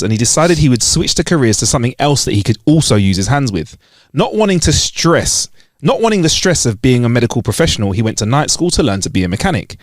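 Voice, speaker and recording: Lively male podcast co-host, animated delivery, dry close-mic sound. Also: mid-range voice, dry recording. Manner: lively, laughs loudly at punchlines. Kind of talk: casual joke-telling chat.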